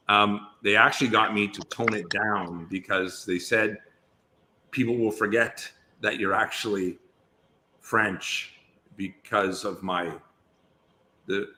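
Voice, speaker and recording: A man chats as a podcast guest, wandering through anecdotes with frequent restarts. His voice sits a bit low but rings bright and forceful. A faint hiss lies under it. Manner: rambling storyteller, many restarts. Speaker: guest actor. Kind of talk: casual interview chat.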